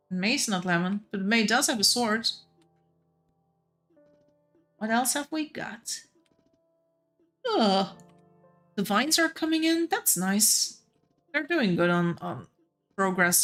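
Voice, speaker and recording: A woman's voice: mid-range voice, a bit bright. A woman streaming a game, chatting casually and playfully with the other players and her viewers.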